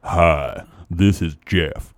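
A man putting on a low, slow, mock-seductive voice for a joke ad read. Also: dry recording, studio quality, full character voice.

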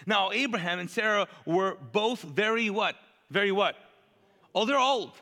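A male pastor preaching in a chatty, animated way, asking the congregation to fill in words. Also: high-pitched, normal speed, long reverb tail. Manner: conversational, animated, asks the crowd to fill in words. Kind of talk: sermon.

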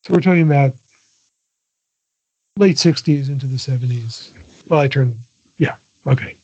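A man's voice: mid-range voice, moderate pace, warm tone, husky. An older man, a guest in a casual interview, talking in a digressive way with many restarts and chuckles. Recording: dull lo-fi audio.

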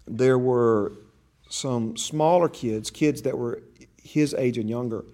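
An older man leads a church discipleship class in a chatty, storytelling way. His voice sits at a middle pitch, and he often acts out the people in his stories. He speaks as a teacher talking to a small group. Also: slow pace, warm tone.

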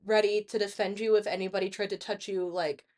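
A young woman co-hosting a casual podcast, telling stories in an animated way and swearing freely. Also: mid-range voice, a little fast. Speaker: podcast co-host.

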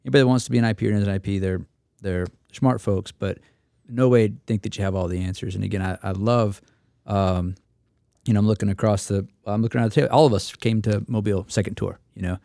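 A man's voice: fairly low pitch, steady tone, fast talker, creaky, dark tone, no echo, clean studio sound. A man who is an instructor pilot, telling stories in a casual roundtable chat and acting out the people he quotes. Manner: storytelling, acts out quotes.

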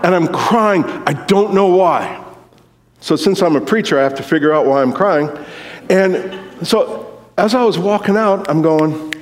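A man preaching a sermon in a storytelling way, sometimes acting out movie lines with sudden shouts. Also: sits high, normal speed. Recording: long hall reverb.

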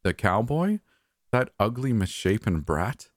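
A man voicing an elderly female Hollywood diva with a high-pitched, hoarse voice, sweet and dramatic in a storytelling podcast. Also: very animated, a little slow, dry recording, clean studio sound. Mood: theatrical. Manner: dramatic, sighing, sweetly condescending.

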